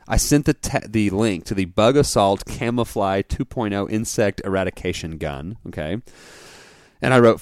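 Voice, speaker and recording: A man in his thirties, a podcast co-host chatting casually and telling an animated story, often laughing. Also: on the low side, dry recording, clean studio sound. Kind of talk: casual chat.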